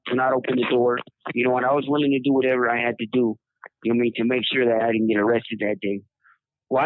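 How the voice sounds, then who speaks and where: A man's voice: medium pitch, no echo. A man from Southern California telling his own story in a rambling, casual way, repeating words and acting out what people said. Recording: dry tinny phone line.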